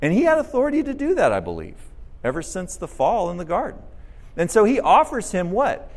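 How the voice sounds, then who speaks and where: A pastor delivers a sermon with a lively, swinging voice that sits a little high for a man. He throws questions at his listeners and acts out the words of the people he quotes. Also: fairly quick. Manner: animated preaching, asks the audience questions, acts out quotes.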